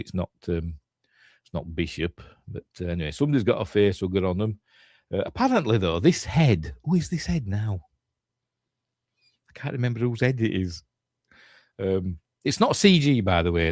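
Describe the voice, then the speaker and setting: Rambling Yorkshire man, low dry voice. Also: a little mellow, no room sound. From Yorkshire, England. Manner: rambling, chatty, with chuckles and loose asides. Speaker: host, film reviewer. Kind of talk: casual running commentary over a film.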